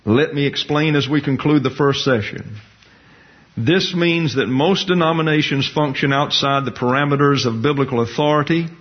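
A man preaching a sermon to his congregation in a church. He teaches in a folksy way, with jokey asides. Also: medium pitch. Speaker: pastor-teacher. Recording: dull lo-fi sermon recording.

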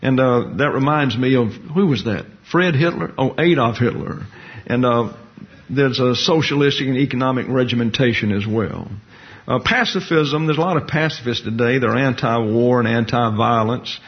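A man's voice: mid-range voice, moderate pace. Folksy preaching man, dull lo-fi recording. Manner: folksy, jokey asides with acted-out quotes. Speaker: pastor-teacher. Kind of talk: sermon. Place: church hall with a congregation.

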